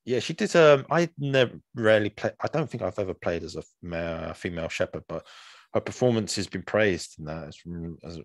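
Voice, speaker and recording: Deep-voiced rambling man on a podcast. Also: lively intonation, brisk, dry recording. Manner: rambling, many fillers and restarts. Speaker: podcast co-host. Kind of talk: casual chat.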